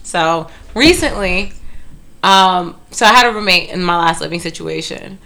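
A woman from Brooklyn telling a bad-date story in casual chat, lively and blunt, with quick bursts. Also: fairly low pitch, gravelly.

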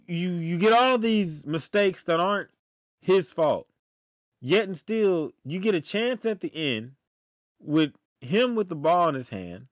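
A man's voice: on the high side, no room sound. Fired-up, profane man ranting. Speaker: podcast co-host. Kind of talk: heated sports talk.

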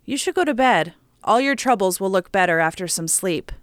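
A woman voicing a caring, level-headed woman who speaks gently and reassuringly in an audiobook story. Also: mid-range voice, expressive, fairly quick, no echo, studio quality, lightly acted. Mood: gentle.

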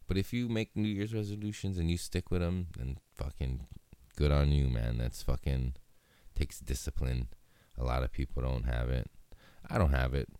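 A man's voice: rumbling low, normal speed, warm tone, clear, resonant tone, dry recording. A young man hosting a solo podcast, talking in a laid-back, rambling way and swearing constantly. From Hawaii. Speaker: podcast host. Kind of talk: casual solo podcast chat.

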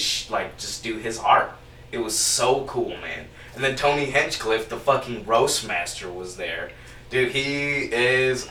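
Casual podcast guy, bright forceful voice, swears a lot, rambles, set back from the mic. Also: mid-range voice, reverberant, far from the mic, slight background noise. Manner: rambling, profane storytelling with lots of "dude". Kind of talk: casual chat.

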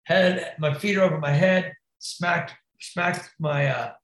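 On a podcast, a BMX rider tells a gnarly crash story in loose, animated slang, throwing around bro, dude and curses. His somewhat high voice moves slowly and echoes through a roomy space.

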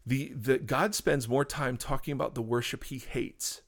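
A man's voice: medium pitch, normal speed. Earnest preachy man talking faith. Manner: earnest, preachy, animated with restarts. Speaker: podcast co-host, pastor. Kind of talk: casual conversational teaching.

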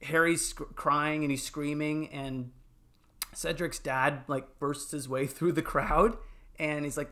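A man in casual podcast chat, telling film moments with lots of fillers and animated retellings. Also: a little high, unhurried. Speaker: podcast panelist.

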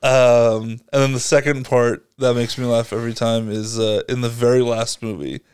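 A man co-hosting a podcast in casual chat, an animated storyteller who acts out scenes with loud impressions. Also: mid-range voice, moderate pace, smooth, no echo, studio quality. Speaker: podcast co-host. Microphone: podcast mic.

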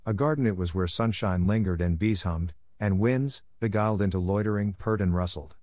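A man's voice: on the low side, no room sound, studio quality. A man narrating a classic novel steadily for English learners. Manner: steady, measured reading. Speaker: audiobook narrator.

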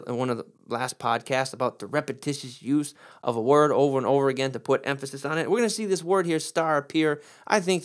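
Animated preaching man on a podcast. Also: on the high side. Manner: animated preacher, rising emphasis on key words. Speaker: pastor. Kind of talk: podcast Bible teaching.

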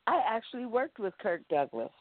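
A woman, an actress guest in an interview, telling animated stories and acting out what people said. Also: fairly high pitch, fairly quick, a crowd in the background. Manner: animated storyteller acting out quotes. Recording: dry, tinny phone-like line.

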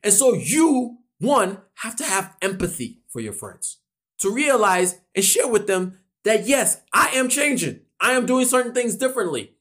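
Man, slightly high-pitched, motivational finance talk, emphatic, repeats himself for stress. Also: big pitch swings, normal speed, a bit bright. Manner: acts out little imagined conversations. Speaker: personal finance talker.

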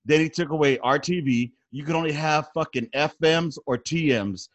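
A man telling army stories in casual chat, animated and profane, acting out loud quotes. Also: fairly high pitch, normal speed, highs cut off. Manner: animated storyteller, heavy swearing, acts out quotes loudly.

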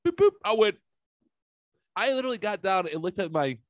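A man in his forties spins a story in a casual podcast chat. He acts out every line of dialogue with big swings in pitch and drops curse words freely. The room sounds close and dry. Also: brisk, no echo. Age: 40s. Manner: animated storyteller, acts out quotes, swears freely. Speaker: podcast co-host.

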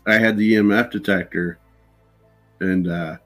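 Low-voiced man telling ghost stories. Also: moderate pace, soft background music. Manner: relaxed anecdotal storyteller, acts out dialogue. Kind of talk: casual storytelling in an interview.

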